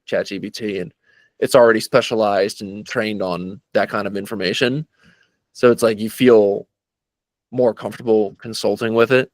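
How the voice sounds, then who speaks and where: A man chats casually on a podcast, relaxed and halting, and fills his pauses with small hesitations. His voice sits on the low side. The sound is dry and close to the mic. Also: dry recording. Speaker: podcast co-host. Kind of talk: casual chat.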